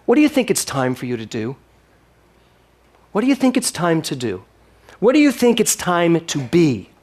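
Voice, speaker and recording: A man's voice: fairly high pitch, wildly swooping pitch, normal speed, darkish tone. A man preaching a sermon as minister of his spiritual center, with emphatic rising lines and playful asides.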